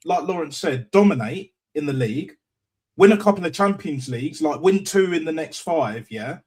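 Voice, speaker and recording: A man's voice: on the high side, expressive, moderate pace, darkish tone. A man ranting bluntly in a heated football call-in, stumbling over repeated words and swearing. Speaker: call-in panelist.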